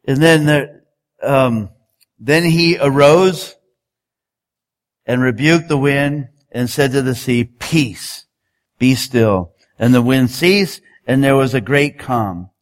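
A man's voice: mid-range voice, takes it slowly. A man preaching a sermon in a conversational style, building up to emphatic exhortations.

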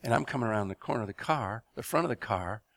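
Fast-talking and creaky, with a fairly low voice, a middle-aged preacher shares his testimony. He tells stories animatedly, laughing along the way and asking the congregation questions.

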